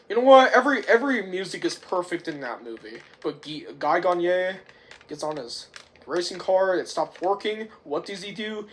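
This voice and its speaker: A young man casually recapping a movie's plot, rambling and excitable, swearing now and then and often clearing his throat. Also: sits high, a little slow. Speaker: movie reviewer.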